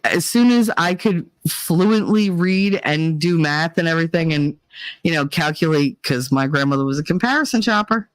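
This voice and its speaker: Brief: chatty middle-aged woman, lively storyteller, dry close-up sound. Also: low voice, no room sound, low-quality recording. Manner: animated storytelling, acting out quotes. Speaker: vlogger. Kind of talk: casual monologue vlog.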